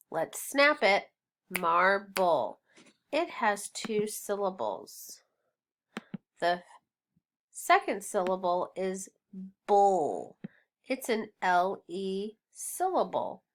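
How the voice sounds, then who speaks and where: A woman teaching a phonics lesson, sounding out words slowly and deliberately. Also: medium pitch, slight background noise.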